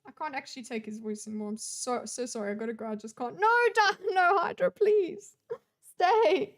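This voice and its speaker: A young adult woman talks over a video she is watching. Her voice sits a little on the high side. She is blunt and exasperated, and she swears freely as she reacts. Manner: blunt, profane, exasperated ranting. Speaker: streamer reacting to a debate video. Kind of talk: casual reaction commentary.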